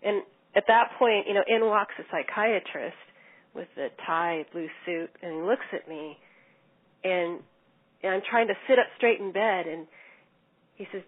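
A middle-aged woman telling her own recovery story in an earnest, measured way with small restarts. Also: mid-range voice, husky. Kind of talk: personal storytelling. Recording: tinny phone-like line.

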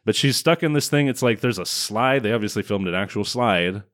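A man co-hosting a casual podcast, retelling a film in an animated, sarcastic way and swearing freely. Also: on the low side, brisk. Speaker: podcast co-host. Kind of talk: casual chat recapping a movie.

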